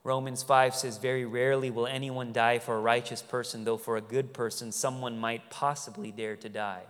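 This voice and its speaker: A man delivering an earnest sermon in a smooth, resonant voice. He swings from loud, emphatic lines to quiet, tender ones. His words carry a long reverb from a large hall. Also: mid-range voice, little pitch movement, moderate pace. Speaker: pastor.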